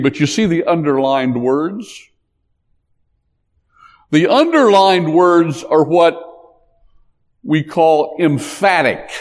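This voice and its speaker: A man preaching a sermon as a pastor, with an emphatic, preacherly cadence that rises on key points. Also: a little high. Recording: long hall reverb.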